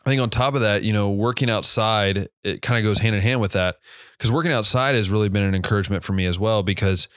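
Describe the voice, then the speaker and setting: A man's voice: fairly low pitch, quick pace, fairly bright tone, dry recording, studio quality. A young man hosting a podcast, talking casually and reflectively, rambling and correcting himself with many fillers, and a bit drowsy from yawning. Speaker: podcast host.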